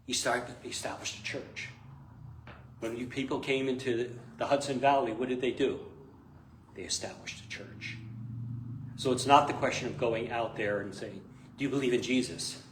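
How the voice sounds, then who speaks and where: A man's voice: medium pitch, a little hiss or hum. A man, a priest, teaching a parish class in a casual, chatty way, laughing often and telling stories. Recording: echoey room, live stream.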